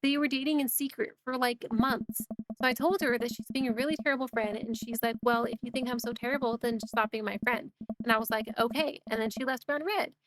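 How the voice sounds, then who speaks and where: A woman's voice: fairly high pitch, steady tone, a little fast, no echo, natural voice. A woman voicing an upset teenage girl who rambles emotionally about falling out with her friends. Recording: music playing behind.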